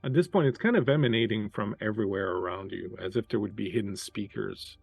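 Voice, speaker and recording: A man running a tabletop game as game master, narrating scenes and giving measured, deliberate descriptions. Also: fairly low pitch, creaky, a little mellow, breathy edge, soft background music.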